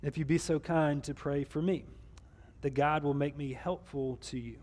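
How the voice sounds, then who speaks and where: A man's voice: a little high, steady tone, moderate pace, darkish tone. A man pastor preaching a conversational sermon, with some restarts along the way.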